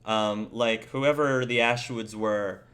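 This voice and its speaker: A man's voice: on the low side, fairly even intonation, takes it slowly, fairly bright tone. A young man running a tabletop game as game master, narrating casually with many fillers.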